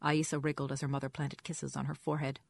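A woman with a low voice narrating a first-person story in a wry, reflective tone. She reads into a close mic, and the sound is dry with no room around it. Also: level tone, quick pace, vocal fry, dry recording. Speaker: audiobook narrator.

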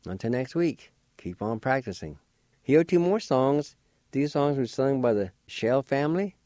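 A man teaching a radio language lesson, spelling out and sounding each word slowly and carefully, in a patient, encouraging way. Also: mid-range voice, expressive, mellow, dry recording.

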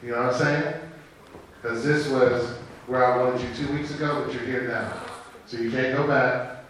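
A man's voice: mid-range voice, fairly even intonation, normal speed, fairly bright tone, slight background noise. A man leading a rehearsal, encouraging the cast and laying out the plan step by step. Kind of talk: rehearsal briefing. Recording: echoey room, taped from far off.

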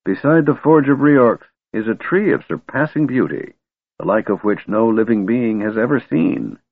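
A man voicing a kindly old wizard who is secretly a god, speaking slowly and gently. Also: mid-range voice, animated, slightly rough, voice pushed up. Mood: gentle storytelling. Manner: slow, gentle and soothing. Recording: tinny, phone-like and dry.

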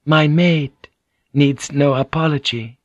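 A man doing a gracious young noblewoman with a raised, lighter voice. She speaks calmly and formally, gently teasing, in a dry studio audiobook read. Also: on the high side, no echo, highs cut off, voice pushed up. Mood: calm, gentle. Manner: calm, measured, formal phrasing. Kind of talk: audiobook character reading.

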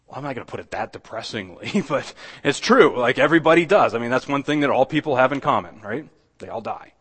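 A man preaching a sermon in a conversational way. He often repeats words and restarts, then swells louder on key points. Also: medium pitch, lively intonation, quick pace, husky. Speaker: pastor.

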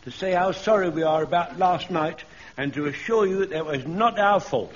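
Actor as an earnest old soldier, high-pitched, rambling, dull tape. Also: male voice, moderate pace, a little hiss or hum, close to an everyday voice. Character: eager old soldier, a home guard corporal. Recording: dull archive radio recording.

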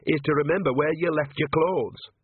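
A man's voice: fairly high pitch, moderate pace, slightly rough, dry recording, phone-quality sound, voice pushed up. A man voicing a blunt, cheeky old village witch with a teasing, homely way of talking.

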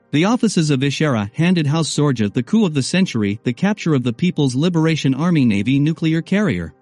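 Guy reading a first person audiobook, steady pace, dry sound, faint music behind. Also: a little high, normal speed, hardly any pauses, no echo. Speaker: audiobook narrator.

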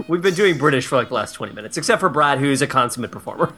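A man's voice: mid-range voice, lively intonation, fast, sharp tone, faint music behind. A young adult man co-hosting a comedy podcast, rambling and jokey in casual banter. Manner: rambling, jokey, bursts of laughter. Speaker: podcast co-host.

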